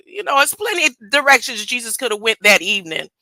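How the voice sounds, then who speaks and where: A woman's voice: fairly high pitch, big pitch swings, fast, few pauses, pushed and bright, no echo, rough recording. A woman preaching an informal sermon, emphatic and colloquial, full of rhetorical questions.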